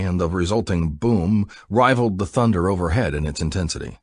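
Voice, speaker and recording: Deep raspy guy narrating an audiobook, dramatic read, dry close mic. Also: brisk, no room sound. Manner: expressive, dramatic reading.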